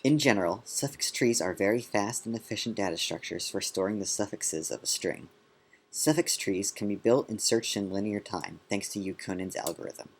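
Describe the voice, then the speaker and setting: A man's voice: lowish voice, moderate pace, slightly rough. A young man, a student presenter, reading a short scripted summary in a plain way. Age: young adult.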